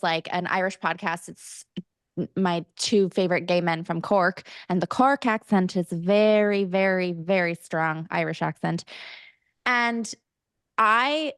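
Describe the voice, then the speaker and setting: A young woman co-hosting a podcast in casual chat, self-mocking and quick to joke. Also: medium pitch, fairly bright tone, clean tone, dry recording, studio quality. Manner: chatty, self-mocking, slips into playful Irish-accent bits. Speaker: podcast co-host.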